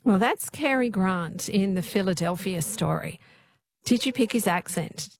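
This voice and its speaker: A woman's voice: medium pitch, animated, unhurried, gravelly. A woman hosting a radio talk show, asking curious questions and inviting callers in a conversational way. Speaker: radio host.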